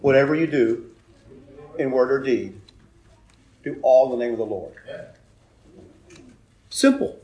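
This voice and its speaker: A man preaching a sermon, telling a personal story with loud emphatic bursts and quiet asides. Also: medium pitch, moderate pace, long pauses, dull audio. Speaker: pastor.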